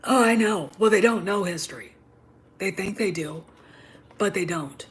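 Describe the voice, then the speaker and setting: A middle-aged woman hosting a livestream, talking in an emphatic, combative way and often dropping to a low whisper. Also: animated, normal speed. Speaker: show host. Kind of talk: opinionated livestream monologue.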